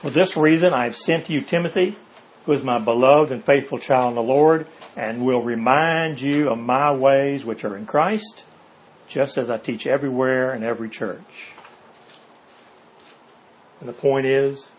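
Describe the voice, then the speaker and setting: A man leading an informal Bible study, reading verses aloud and explaining them in plain words. He keeps checking in with his listeners through quick rhetorical questions. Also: mid-range voice, lo-fi sound, slight background noise. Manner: asks rhetorical questions, checks in with "okay?" and "see?". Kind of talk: informal Bible class teaching.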